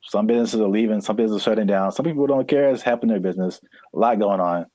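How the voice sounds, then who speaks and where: A man's voice: fairly low pitch, racing, warm tone, dry recording. A man co-hosting a podcast in casual chat, loose and joking with plenty of fillers. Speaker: podcast co-host.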